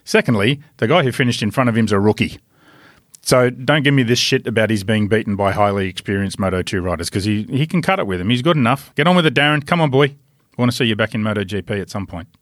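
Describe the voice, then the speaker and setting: A man's voice: lowish voice, animated, fast, dry recording, studio quality. A man hosting a podcast, giving blunt, sweary opinions in casual chat. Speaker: podcast host.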